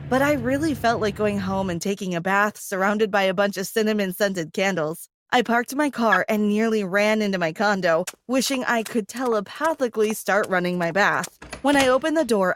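A woman narrating a scripted first-person story in a calm, even way. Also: medium pitch.

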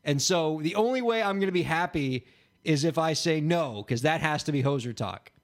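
Incredulous high-pitched podcast host. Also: male voice, animated, moderate pace. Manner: incredulous, exasperated reactions. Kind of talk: comedic podcast banter.

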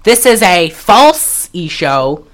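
A woman co-hosting a podcast, chatting casually as she recaps a film, acting out lines and laughing loudly. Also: fairly low pitch, slow pace. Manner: animated storyteller, acts out lines, laughs loudly. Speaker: podcast co-host.

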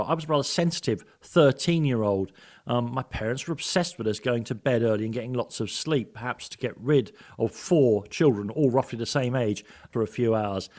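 A man hosting a radio programme, narrating a scripted tribute with earnest personal storytelling. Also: mid-range voice. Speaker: radio host.

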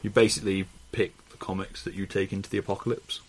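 A man's voice: deep voice, little pitch movement, fast. A man co-hosting a podcast in casual chat, rambling, laughing often and swearing casually. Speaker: podcast co-host.

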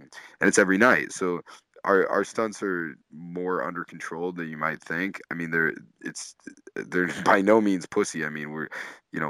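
A man's voice: a bass voice, pushed and bright, no echo. A man, a comedian and tour manager, casually telling road stories, laid-back and swearing often, laughing through them. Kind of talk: casual storytelling.

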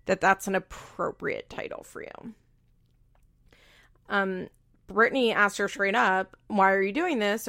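Woman podcast host, casual recap chat, opinionated and animated, slight gravel. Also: medium pitch. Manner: chatty, opinionated, quotes others in animated asides.

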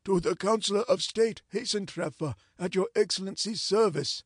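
A man voicing a frightened older innkeeper, grave and low. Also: moderate pace, slightly rough, no echo, studio quality. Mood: deferential. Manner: grave, fearful.

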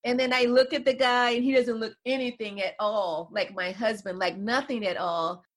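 Female interview guest, author, somewhat high voice, thoughtful explainer who keeps saying "you know.". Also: fairly even intonation, moderate pace. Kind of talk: conversational interview.

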